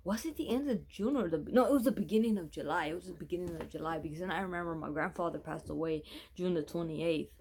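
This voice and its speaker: A man's voice: fairly high pitch, fast, a little mellow, a little hiss or hum. A man telling a personal story in a casual, rambling way, correcting himself often and swearing freely.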